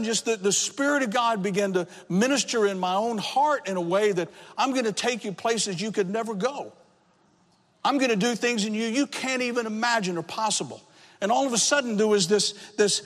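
High-voiced preacher in a reverberant hall. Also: male voice, lively intonation, moderate pace, some chatter behind. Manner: emotional testimony, rising to shouts. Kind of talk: sermon.

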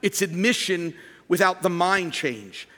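A man preaching a sermon as pastor, animated and rising to shouts for emphasis. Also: high voice, measured pace, long reverb tail.

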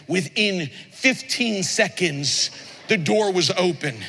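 A man's voice: sits high, a little slow, sharp tone, slightly rough. A man preaching a sermon, telling stories animatedly and asking the congregation rhetorical questions. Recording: long reverb of a large hall.

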